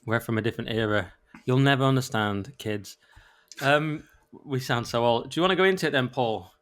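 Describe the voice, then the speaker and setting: A man's voice: medium pitch, fairly quick, fairly bright tone. A man hosting a casual political podcast, joking and self-deprecating as he rambles between topics. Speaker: podcast host.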